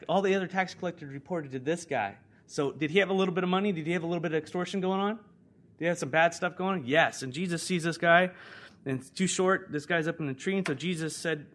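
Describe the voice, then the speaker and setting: A man with an American accent preaching a sermon as pastor, talking conversationally and swinging between loud emphasis and hushed, prayerful lines. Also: a little high.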